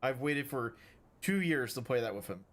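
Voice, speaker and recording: A man's voice: medium pitch, lively intonation, normal speed, fairly bright tone. A man from Texas chatting casually during a game stream, joking and swearing freely. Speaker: gaming stream co-host. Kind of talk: casual gaming chat. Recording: game vehicle noise underneath.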